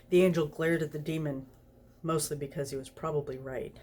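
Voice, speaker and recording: A woman's voice: low-pitched, steady tone, a little fast, mellow. A tipsy woman reading a story aloud, giggling through it. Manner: giggly, snorty laughs while reading. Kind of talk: reading fan fiction aloud.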